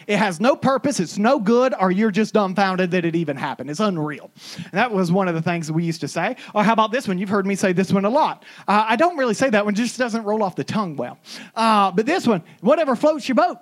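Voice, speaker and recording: A middle-aged speaker from Florida tells homespun stories to an audience in an anecdotal monologue. Acting out other people's voices, they make their pitch jump up and down in lively, animated storytelling.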